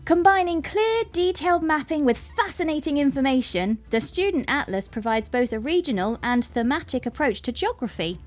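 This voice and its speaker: A woman reading a sample passage aloud in a steady, even way to test her microphone. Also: high voice, moderate pace, few pauses. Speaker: co-host. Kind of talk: reading sample text aloud for a mic check.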